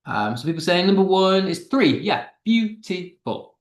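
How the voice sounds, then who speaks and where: A man's voice: sits high, animated, normal speed, reverberant. A man teaching an online class, reading chat answers aloud and explaining step by step with frequent fillers.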